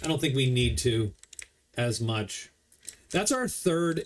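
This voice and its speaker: A man's voice: mid-range voice, lively intonation, measured pace. A man casually commenting as he plays a board game solo, explaining the rules as he goes. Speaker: board game player streaming a solo playthrough.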